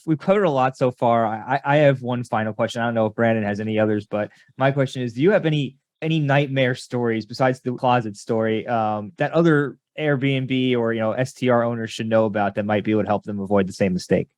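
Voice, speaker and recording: A man's voice: medium pitch, fast, few pauses, a little mellow, dry recording, clean studio sound. A man hosting a podcast, asking a question with hesitant, stammering restarts. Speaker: podcast host. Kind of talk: interview questions.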